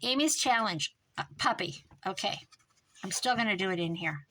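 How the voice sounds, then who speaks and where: A woman making a craft journal, chatting casually as she works and muttering to herself with quick self-corrections. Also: medium pitch, animated, pushed and bright, slight background noise. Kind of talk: casual crafting vlog, talking while working.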